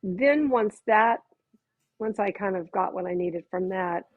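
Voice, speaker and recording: Woman guest, husky voice, dry dull call audio, animated storyteller. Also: medium pitch, measured pace, no room sound. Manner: animated, laughs often, acts out her own reactions. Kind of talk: casual conversational storytelling.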